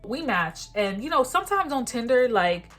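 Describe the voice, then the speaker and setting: Candid, animated young woman telling a story. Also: a little high, normal speed, over music. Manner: candid, animated storytelling with frequent laughs and slang. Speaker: vlogger. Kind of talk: casual storytime while getting ready.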